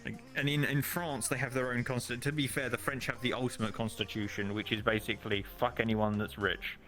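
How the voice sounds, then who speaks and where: A young man from the United Kingdom chats casually on a stream over music, his medium-pitched voice level in tone and fairly quick. He's opinionated, swears, and mocks things using put-on voices.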